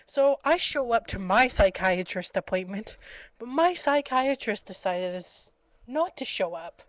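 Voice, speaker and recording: A young woman vlogs casually from home, animated and giggly, chatting her way from one story to another. She takes her time, speaking at medium pitch, and the built-in webcam mic captures poor audio with no room sound.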